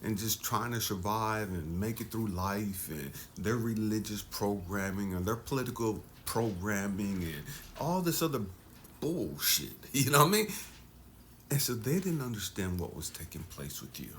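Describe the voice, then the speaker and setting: A man with a voice on the low side gives an intense motivational talk as a life coach, sinking to hushed near-whispers and then surging for emphasis. He's animated and speaks at a moderate pace, with slight background noise.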